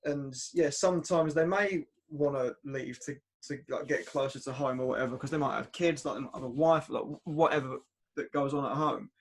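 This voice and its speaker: An English man hosting a podcast, chatting in a relaxed, hesitant way with many fillers. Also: mid-range voice, brisk. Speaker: podcast host. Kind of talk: casual chat.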